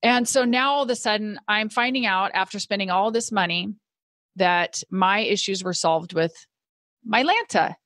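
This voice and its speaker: A middle-aged woman shares a personal story as a podcast guest, earnest and animated, bringing her past thoughts to life. Her voice sits at a middle pitch. The recording is dry and close, with little room sound. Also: normal speed, no room sound. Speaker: podcast guest, business owner.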